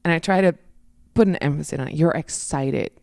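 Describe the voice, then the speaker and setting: A woman's voice: low-pitched, brisk, creaky, darkish tone, dry recording, clean studio sound. A woman guest on a podcast, talking casually and animatedly about dance, laughing at herself and acting out little quotes.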